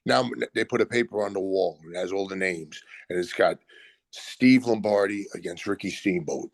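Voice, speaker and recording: An older man telling animated stories as a guest, acting out other people's lines in quotes. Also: deep voice, normal speed, gravelly, no room sound. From Brooklyn, USA. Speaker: retired pro wrestler guest. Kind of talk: animated storytelling.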